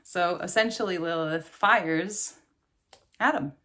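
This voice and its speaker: A woman's voice: lowish voice, slow, sharp tone. A woman in her thirties, a yoga and meditation teacher, giving an earnest, casual spiritual talk and laughing often.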